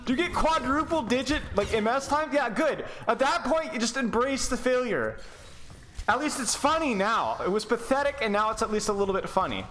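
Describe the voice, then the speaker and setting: A man's voice: very high voice, very animated, moderate pace, a bit bright, slight background noise. A young man coaching as he reviews a game, sarcastic and mocking, breaking into laughter. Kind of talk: live gameplay review coaching.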